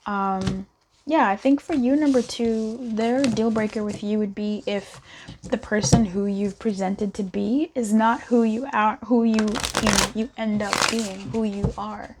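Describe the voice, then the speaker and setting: A woman's voice: medium pitch, steady tone, measured pace, noisy background. Playful woman doing a tarot reading. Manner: playful, chatty, bickers aloud with spirit. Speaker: tarot card reader. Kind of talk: casual pick-a-card tarot reading.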